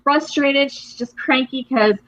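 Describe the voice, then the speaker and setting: Young woman, podcast co-host, casual recap, high voice, lo-fi recording. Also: a little slow. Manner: animated retelling, acts out characters' lines. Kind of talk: casual chat recapping a TV episode. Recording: dull lo-fi sound.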